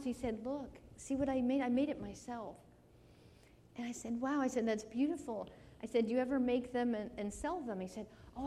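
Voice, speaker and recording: Earnest woman preaching, soft warm voice. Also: fairly high pitch, in a large hall. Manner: earnest, rising to emotional intensity. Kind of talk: sermon with personal story.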